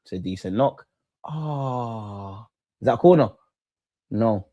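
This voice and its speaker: Excitable man reacting live. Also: on the low side, brisk, slightly rough, dry recording, highs cut off. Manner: excitable, swears, talks to chat and players. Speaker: football watchalong host. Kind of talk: live match reaction to chat.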